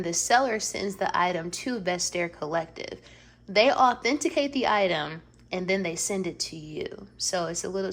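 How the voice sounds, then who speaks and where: Woman vlogger, gushing and excitable, casual and cussing, gravelly fry, faint hiss behind. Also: mid-range voice. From Atlanta, US South. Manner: gushing, excitable, swears freely. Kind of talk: casual vlog chat.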